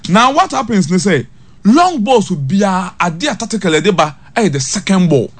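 A man giving an animated football tactics breakdown, repeating key terms and mixing English terms into Twi. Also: sits high, normal speed.

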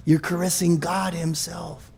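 High gravelly preacher man in a reverberant hall. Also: little pitch movement, unhurried, darkish tone. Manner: emphatic, repetitive, with many restarts and stammered repeats. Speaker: pastor. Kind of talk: sermon.

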